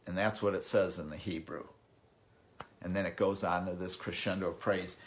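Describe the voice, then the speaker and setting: A male pastor preaching a sermon. He reads scripture slowly and deliberately, repeats words as he thinks, and swings between loud, emphatic bursts and quieter stretches. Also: sits low, steady tone.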